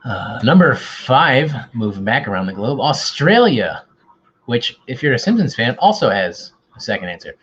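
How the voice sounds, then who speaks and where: Guy running a home quiz stream, husky, bouncy pitch, kinda muffled audio. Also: very animated, moderate pace, a bit bright. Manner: joking, self-deprecating banter. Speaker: quiz host. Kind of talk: casual livestream quiz hosting.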